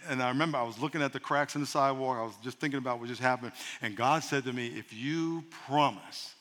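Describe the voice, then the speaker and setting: A man preaching a sermon as a pastor, lively and humorous, leading the congregation in call-and-response. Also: medium pitch, long reverb tail.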